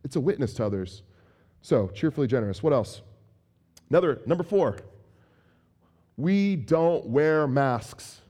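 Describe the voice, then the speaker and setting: A man preaching a conversational sermon, animated and acting out everyday examples. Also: mid-range voice, measured pace, pauses often. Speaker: pastor.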